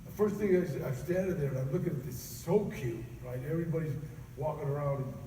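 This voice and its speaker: A man telling stories in a talk, lively and laughing often, acting out other people's voices. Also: a little high, fast, slight background noise. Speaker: keynote speaker. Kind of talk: storytelling talk. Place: large convention hall. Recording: echoey hall recorded from far off.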